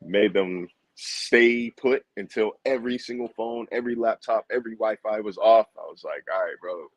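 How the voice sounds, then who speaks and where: A man's voice: fairly low pitch, moderate pace, dry recording, rough recording. A man calling in as a team reporter, tired and easygoing, telling a travel story with self-deprecating humor. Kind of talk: casual chat.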